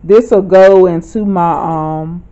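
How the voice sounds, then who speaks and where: A woman, chatting excitedly to viewers at home as she shows off her shopping haul. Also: fairly low pitch, slow pace, highs cut off. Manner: chatty, excitable, keeps addressing viewers as y'all. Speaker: vlogger. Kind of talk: casual haul vlog.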